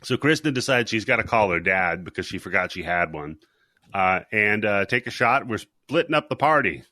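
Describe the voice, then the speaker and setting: A man's voice: fairly low pitch, lively intonation, moderate pace, bright, forceful tone, no room sound, clean studio sound. A man hosting a podcast, recapping a horror movie in casual chat, joking and laughing often. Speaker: podcast host.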